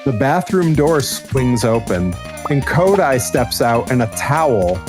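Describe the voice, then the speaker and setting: A young man chatting casually on a gaming stream, telling a rambling anecdote with animated quoted voices. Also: medium pitch, unhurried, over music. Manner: rambling storyteller, animated quoting. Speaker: streamer co-host.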